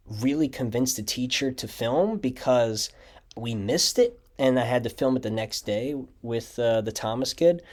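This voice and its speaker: A young man talking through his own video projects in casual audio commentary, rambling with lots of fillers and restarts. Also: medium pitch. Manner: rambling, filler-heavy storytelling with frequent "like" and restarts. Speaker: channel creator giving audio commentary.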